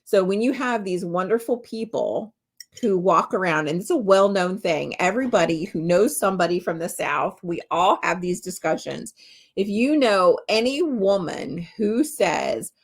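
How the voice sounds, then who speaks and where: A woman's voice: medium pitch, expressive, moderate pace. A middle-aged woman hosting her own podcast as a spiritual medium, talking in a casual, candid way, swearing freely and laughing often. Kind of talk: casual solo podcast talk.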